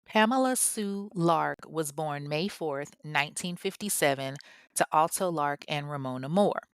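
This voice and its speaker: A woman's voice: sits low, lively intonation, unhurried, clean tone, dry recording, clean studio sound. A woman hosting a true crime show, retelling a case in a conversational way full of asides. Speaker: host.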